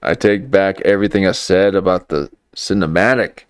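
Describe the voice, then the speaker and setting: A man's voice: sits low, normal speed, clean tone, dry recording, studio quality. A man commenting over clips on a livestream, with mocking, incredulous asides.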